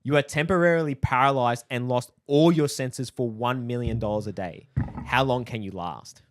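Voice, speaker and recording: A man's voice: medium pitch, moderate pace, no echo, clean studio sound. A man, laughing often as he co-hosts a casual podcast chat. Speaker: podcast co-host.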